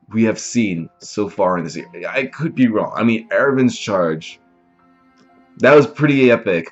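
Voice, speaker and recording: A man hosting a reaction channel recaps an episode in an animated, rambling way, full of fillers. His voice is lowish and slightly rough, with the highs cut off.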